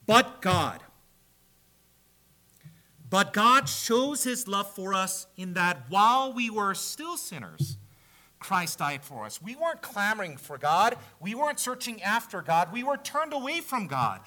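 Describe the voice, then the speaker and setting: A man preaching a sermon, emphatic, growing loud on the repeated key phrases. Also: high voice, big pitch swings, unhurried.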